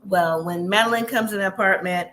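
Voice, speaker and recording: A woman's voice: medium pitch, a bit bright, slight background noise. A woman hosting a casual recap of a reality show, chatty and opinionated, talking straight to her viewers. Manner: slips into quick impressions of the people she describes. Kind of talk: casual episode recap commentary.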